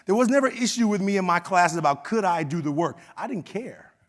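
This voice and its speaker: A man's voice: high-pitched, lively intonation, brisk. A middle-aged man with an Oakland accent giving a keynote speech, telling a personal story in a conversational way and acting out quoted dialogue. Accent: Oakland, California. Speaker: keynote speaker. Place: conference hall stage.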